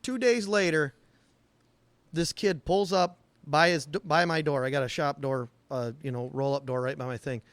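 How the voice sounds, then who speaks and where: A man's voice: on the high side, normal speed, no room sound. A man co-hosting a podcast who tells shop stories in casual chat, acting out the quotes. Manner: animated storyteller, acts out quotes. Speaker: podcast co-host.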